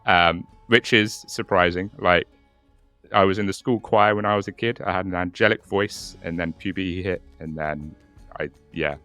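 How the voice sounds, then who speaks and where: A man's voice: low-pitched, steady tone, moderate pace, pushed and bright, dry recording, faint music behind. A young man co-hosting a casual podcast, swearing and repeating words as he narrates a case. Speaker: podcast co-host.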